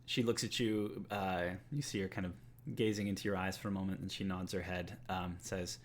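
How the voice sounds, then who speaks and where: Man, game master, deep low voice, easygoing with lots of ums, faint hiss in the background. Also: a little fast. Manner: relaxed, filler-heavy narration. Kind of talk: narrating a tabletop game.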